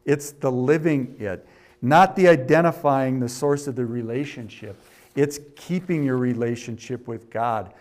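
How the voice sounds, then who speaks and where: A middle-aged man preaching a sermon. He reads a story aloud, rises in volume for scripture, and drops low for asides. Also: measured pace. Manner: varies loudness a lot, rising for scripture and dropping for asides. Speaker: pastor.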